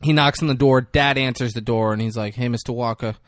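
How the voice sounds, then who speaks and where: A man's voice: medium pitch, a little fast, dry recording, studio quality. A man co-hosting a podcast, casually retelling a film scene by scene and acting out the lines. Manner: animated retelling, acting out lines, laughs often. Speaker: podcast co-host recapping a movie. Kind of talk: casual chat.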